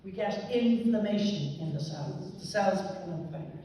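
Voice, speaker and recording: A woman's voice: mid-range voice, normal speed, dark tone, recorded from a distance, slight background noise. Woman lecturing in an echoey hall. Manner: explanatory, emphatic, occasional coughs and throat clearing. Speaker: lecturer on aging. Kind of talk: public talk to a live audience. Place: large warm hall with an audience.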